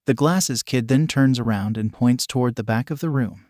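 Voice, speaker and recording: A man narrating a fan fiction story with a steady, plain reading. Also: mid-range voice, moderate pace, few pauses, dry recording, clean studio sound.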